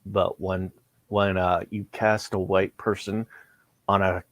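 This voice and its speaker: A man in casual voice chat on a live stream, talking haltingly and restarting his sentences often. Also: low-pitched, flat delivery, a little hiss or hum.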